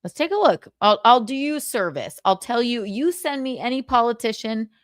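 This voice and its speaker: A woman's voice: a little high, animated, normal speed, no room sound. Chatty woman streamer, dry close mic. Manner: candid, swears freely, laughs often. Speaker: livestream host. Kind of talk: casual livestream chat.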